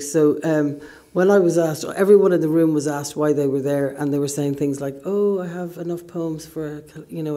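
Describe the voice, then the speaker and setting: A woman's voice: low-pitched, mellow. A middle-aged woman from Northern Ireland with a southern Irish accent, an author talking through a book-event interview with many ums and a self-deprecating manner.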